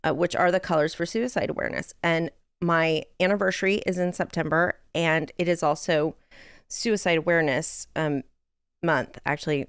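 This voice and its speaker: Smooth, low-pitched woman telling a personal story. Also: no echo, studio quality. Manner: candid, chatty, frequent "like" and "um", laughs through sad moments. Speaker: widow sharing her story.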